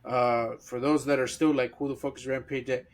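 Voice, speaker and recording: A man co-hosting a casual news-roundup podcast, animated and excitable as he steers the conversation. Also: mid-range voice, moderate pace. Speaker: podcast co-host.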